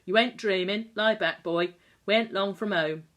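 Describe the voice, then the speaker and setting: A woman doing a gruff old country man. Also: mid-range voice, normal speed, natural voice. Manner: blunt, warm-hearted dialect speech.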